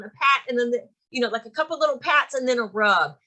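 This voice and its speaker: A woman with a Southern US accent lecturing a real estate class. Her voice sits a bit high and sounds bright and forceful. She drives each point home with emphatic repetition. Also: expressive, quick pace. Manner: emphatic, repeats points, laughs occasionally. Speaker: real estate course instructor. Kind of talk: continuing-education lecture.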